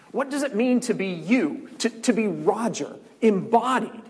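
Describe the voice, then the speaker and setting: Husky preacher guy, high voice, lots of rhetorical questions, echo everywhere. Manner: animated, repeats words, rhetorical questions. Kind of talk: sermon. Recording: long hall reverb.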